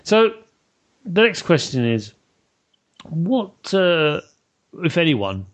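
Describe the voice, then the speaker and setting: A man's voice: fairly high pitch, very animated, takes it slowly. A British man hosting a podcast interview, chatty and enthusiastic, laughing often. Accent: British English. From Britain. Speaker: podcast host. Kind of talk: casual interview chat.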